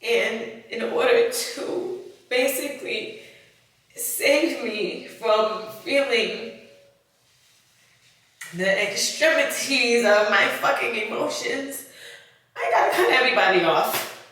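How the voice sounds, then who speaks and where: A woman YouTuber opens up in a confessional vlog, speaking slowly with long pauses, sighs and fillers. Her throat sounds tight as she holds back emotion. She sits well away from the mic in a very echoey room. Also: fairly high pitch, fairly bright tone, distant mic.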